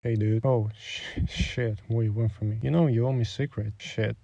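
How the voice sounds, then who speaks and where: A man's voice: lowish voice, fairly even intonation, moderate pace, gravelly, warm tone, no echo, lo-fi sound. A man reading a sponsor spot in a casual, rambling way. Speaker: channel host. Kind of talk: sponsor read.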